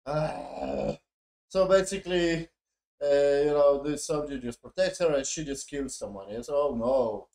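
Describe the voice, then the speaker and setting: A man's voice: on the high side, unhurried, darkish tone. A man reviewing a show in a profane, mocking, exasperated casual rant. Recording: echoey room.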